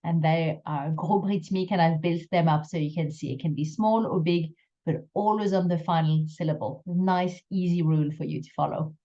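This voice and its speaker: A woman teaching French pronunciation in a recorded lesson, explaining slowly and carefully, drawing out her example phrases. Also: deep voice, steady tone, mellow, highs cut off.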